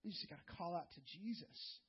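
A man preaching a sermon in a conversational, earnest way, repeating words and dropping soft and low for emphasis. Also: fairly quick, slightly rough, dull audio. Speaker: pastor.

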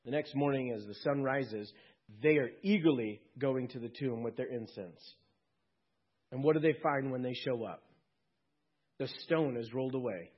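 Earnest husky male pastor preaching. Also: medium pitch, moderate pace. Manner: earnest, swelling then hushed. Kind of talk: sermon. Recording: dull lo-fi recording.

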